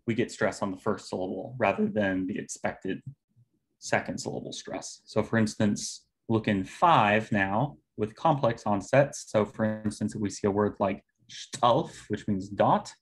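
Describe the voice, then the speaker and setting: Low-voiced man giving an academic talk. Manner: measured, explanatory, occasional fillers. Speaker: conference presenter.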